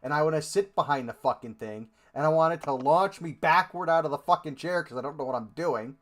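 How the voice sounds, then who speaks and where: A man chatting casually on a podcast, excitable and swearing freely. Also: a little high, fairly quick, soft background music. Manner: sweary, laughs easily, excitable. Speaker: podcast co-host. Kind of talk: casual chat.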